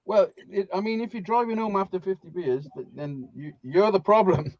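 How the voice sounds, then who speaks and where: A blunt, teasing Welsh man with a high voice chats casually on a live stream. The sound is dull and lo-fi. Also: moderate pace, no room sound. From Wales. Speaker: host.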